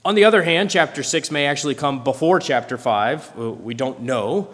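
A man preaching a sermon, expressive, dramatizing the scripture he quotes. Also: mid-range voice, moderate pace. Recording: long hall reverb.

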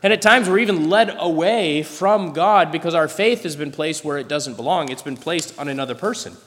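A man's voice: on the high side, moderate pace. Preacher man in an echoing hall. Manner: expressive, dramatizes scripture quotes. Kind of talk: sermon. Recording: long hall reverb.

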